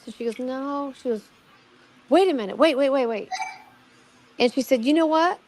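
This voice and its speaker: A middle-aged woman in a casual conversation, telling her own story in a rambling way, repeating words, restarting sentences and quoting what others said. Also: high-pitched. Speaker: guest recounting her own amateur investigation.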